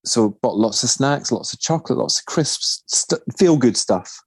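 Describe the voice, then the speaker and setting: A man's voice: medium pitch, expressive, moderate pace, gravelly, husky, no echo. A man co-hosting a podcast in casual chat, chatty and self-mocking, often breaking into giggles. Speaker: podcast co-host.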